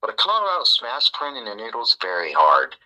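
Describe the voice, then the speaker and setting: A man, a podcast guest, telling a story in a casual, animated way and acting out the dialogue. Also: mid-range voice, fast talker, low-quality recording. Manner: animated, acts out quoted dialogue.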